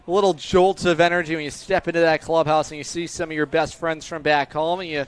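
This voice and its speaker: Brief: male play-by-play voice, slightly high, brisk, upbeat live baseball call. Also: fairly bright tone. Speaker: play-by-play announcer.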